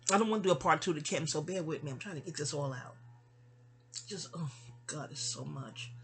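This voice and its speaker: A New York City vlogger with a low voice, speaking a little fast and sounding sleepy, tells a long, rambling personal story in a chatty way. She keeps restarting and drifting into asides, and faint music plays behind her in this casual storytelling monologue.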